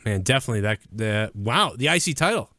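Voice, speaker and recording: Lively, profane man cracking jokes. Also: on the low side, fast talker, no room sound, clean studio sound. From US Northeast. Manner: crude, profane, laughing banter. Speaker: podcast co-host. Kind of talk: live-streamed podcast banter.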